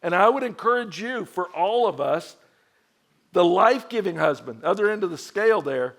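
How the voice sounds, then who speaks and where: Lively storytelling man preaching. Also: moderate pace, gravelly. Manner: conversational storytelling with acted quotes; animated, shifting pitch and loudness. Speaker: pastor. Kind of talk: sermon to a men's group.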